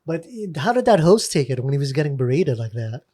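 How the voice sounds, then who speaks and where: A man hosting a podcast, chatting casually and asking relaxed questions. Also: medium pitch, brisk, a little hiss or hum. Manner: laid-back interviewer, short backchannels. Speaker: podcast host.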